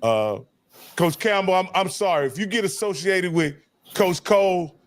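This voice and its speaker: A man's voice: sits high, lively intonation, moderate pace. A man co-hosting a sports talk show, joking and playful during the sign-off. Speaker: co-host. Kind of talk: casual sign-off banter.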